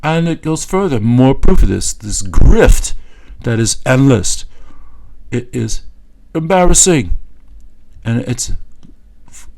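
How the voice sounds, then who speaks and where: A man's voice: medium pitch, animated, slow, gravelly, pauses often, a little mellow, rough recording. A man giving satirical political commentary in a mocking, scornful way, with many hesitant fillers.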